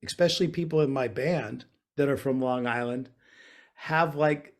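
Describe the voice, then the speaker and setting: Guy on a video call from his bedroom, kinda high voice, rambly and laid back, lots of ums. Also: normal speed. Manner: rambling, easygoing, many fillers and restarts. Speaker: guest guitarist. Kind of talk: casual chat over a video call. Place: small bedroom.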